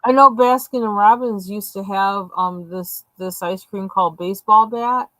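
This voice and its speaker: A woman chatting casually as a co-host, relaxed and laughing along. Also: mid-range voice, measured pace, dry recording, poor audio. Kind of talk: casual chat.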